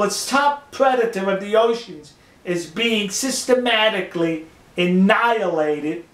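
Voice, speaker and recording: A man, speaking, delivers a mocking, emphatic opinion rant to his viewers, stressing words slowly. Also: fairly high pitch, echoey room. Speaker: video commentator. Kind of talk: ranting opinion monologue.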